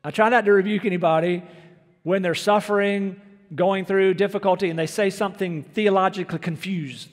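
High-voiced preacher in a reverberant hall. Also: male voice, steady tone, fairly quick. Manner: earnest, emphatic preaching with rhetorical questions. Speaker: pastor. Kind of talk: sermon.

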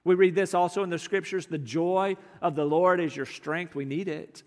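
A man preaching a sermon as pastor, earnest, moving between emphatic lines and hushed ones. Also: high voice, fairly even intonation, normal speed, in a large hall.

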